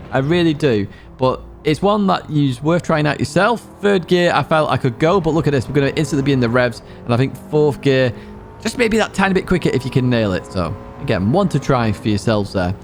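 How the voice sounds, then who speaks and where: A man's voice: on the high side, slight background noise. Upbeat man commentating a race. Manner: upbeat, instructive, jokey asides. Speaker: gaming channel host. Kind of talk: race guide commentary over gameplay.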